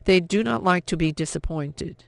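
A man's voice: fairly high pitch, moderate pace, vocal fry, dry recording. A man voicing a frightened German army captain who speaks in a tense, clipped, formal way. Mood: grim.

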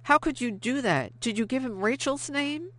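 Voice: high voice, expressive, normal speed, pitched above the performer's own voice. A narrator doing a fierce, accusing young sister. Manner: sharp, accusing questions. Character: fierce young French woman, blunt and judging.

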